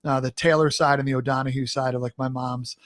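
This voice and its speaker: A man's voice: medium pitch, little pitch movement, quick pace, a bit bright, dry recording, clean studio sound. A male talk show host asking questions in an easygoing, laughing way, with many "uh"s and restarts. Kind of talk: casual interview chat.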